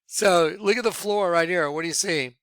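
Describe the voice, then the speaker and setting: A man leading a ministry, talking viewers through images on his screen in an excitable, repetitive way. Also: high-pitched, normal speed, smooth, dry recording. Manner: excitable, repeats himself, points things out to viewers. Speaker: ministry leader presenting on screen. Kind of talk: screen-share commentary.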